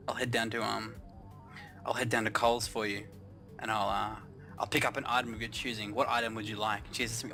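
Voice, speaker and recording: A young Australian man tells a comic story at a quick clip, his voice bright and pointed. He rambles, swears at every turn and blows a trivial errand up into an epic with mock-grand flair. Faint music sits behind him. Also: on the low side, level tone.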